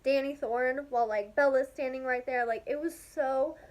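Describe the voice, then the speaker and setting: A young woman with a high voice chats casually to her vlog audience. She gushes with excitement and peppers every sentence with "like". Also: moderate pace. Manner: gushing, excitable, heavy use of "like". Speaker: vlogger. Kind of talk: casual storytelling to camera.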